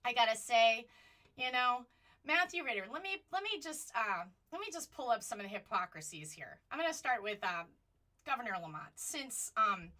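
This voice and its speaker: A woman's voice: on the high side, lively intonation, normal speed, bright, forceful tone, distant mic. A woman hosting a political commentary show from home, talking casually and passionately, rambling and jumping between points.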